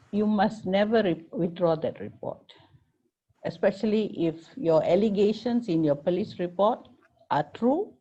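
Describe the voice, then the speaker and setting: A woman, a family lawyer giving advice in a firm, measured way. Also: medium pitch, mellow, lo-fi sound.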